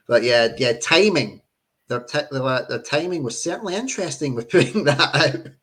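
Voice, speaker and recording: A man's voice: fairly high pitch, lively intonation, unhurried, pauses often, fairly bright tone, breathy edge. A man co-hosting a casual podcast, blunt and swearing casually. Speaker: podcast co-host and content creator. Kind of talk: casual chat.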